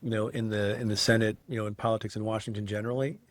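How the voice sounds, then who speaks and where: A man's voice: lowish voice, little pitch movement, very fast, no room sound. A man telling a casual anecdote in an interview, rambling a little with restarts and fillers. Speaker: interview guest.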